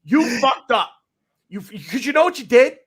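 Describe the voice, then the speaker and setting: A man's voice: very high-pitched, lively intonation, moderate pace, a bit bright. An American man hosting a podcast, worked up and swearing, repeating phrases and talking over the others. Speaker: podcast host. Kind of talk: heated podcast rant.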